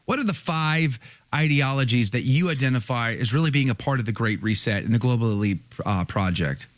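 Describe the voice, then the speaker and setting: Lively-voiced male podcast host. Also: mid-range voice, brisk, no echo. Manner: engaged, prompting questions. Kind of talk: conversational interviewing.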